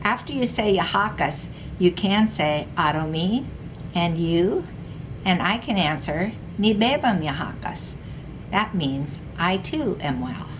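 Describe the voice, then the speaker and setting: A woman teaching a recorded language lesson, explaining slowly and repeating example phrases. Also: fairly low pitch, animated, background noise.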